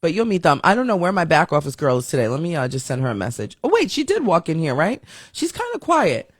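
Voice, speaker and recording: A man's voice: fairly high pitch, wildly swooping pitch, quick pace, no room sound, studio quality. A man hosting a live radio-style show, chatting casually and rambling while reading the viewer chat aloud.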